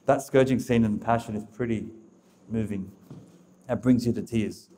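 A man's voice: on the low side, moderate pace, dark tone. A man giving a preaching talk to a live audience, emphatic and repetitive, addressing listeners directly. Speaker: speaker of a religious talk.

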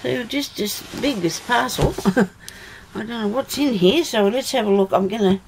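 Here a middle-aged video blogger chats casually while unboxing a parcel, narrating her thoughts and exclaiming now and then. She has a fairly high pitch and a moderate pace. The recording, made at home, is noisy.

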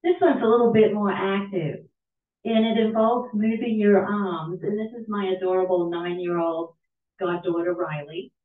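A middle-aged woman with a Pittsburgh accent speaks gently and invitingly, leading an audience through a yoga practice. She is picked up from a distance in an echoey hall, and the sound is thin and tinny. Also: medium pitch, fairly even intonation, normal speed. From Britain. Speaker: yoga teacher and author. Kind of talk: guided yoga practice at a reading.

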